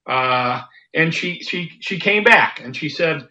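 Halting preacher man, bright voice. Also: fairly high pitch, lively intonation, lo-fi sound. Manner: halting, many repeated words and fillers. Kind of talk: sermon.

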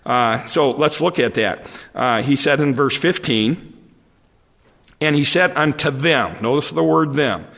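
A man preaching a conversational sermon, halting and often repeating his words as he explains the text. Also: medium pitch, animated, gravelly, fairly bright tone. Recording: long hall reverb.

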